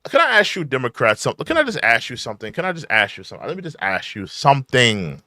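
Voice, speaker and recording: A man's voice: medium pitch, huge pitch swings, quick pace, bright, forceful tone. A man in his thirties hosting a political commentary show, reacting to clips with exasperated rants, repeating himself and using mocking slang. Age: 30s.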